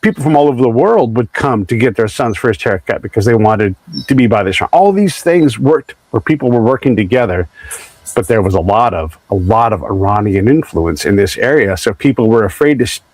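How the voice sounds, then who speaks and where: A man's voice: on the low side, animated, fairly quick, darkish tone, dry recording, rough recording. An American man hosting an interview, telling long rambling stories with many restarts and acted-out quotes. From United States. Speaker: podcast host. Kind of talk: conversational interview.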